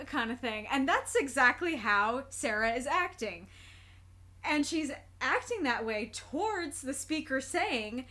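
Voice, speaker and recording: A woman with a high, light voice talks through her reactions in a relaxed, casual way. She is earnest and thoughtful, often breaking into a laugh and circling back to rephrase an idea until it lands. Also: unhurried. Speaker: reaction video creator. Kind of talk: casual spoken commentary.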